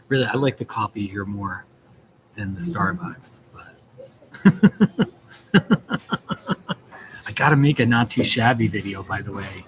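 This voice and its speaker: A man's voice: lowish voice, animated, takes it slowly, long pauses, a little hiss or hum, low-quality recording. A man chatting casually on a live stream from a coffee shop, greeting viewers by name in a playful, chuckling way.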